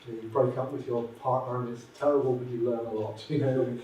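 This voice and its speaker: Man chatting between sessions, relaxed storyteller, picked up from across a reverberant room. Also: medium pitch, a little fast, highs cut off. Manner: chatty, laughs while telling a joke. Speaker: speaker at conference. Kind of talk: informal chat and joke-telling. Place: university conference room. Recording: roomy, distant, faint noise.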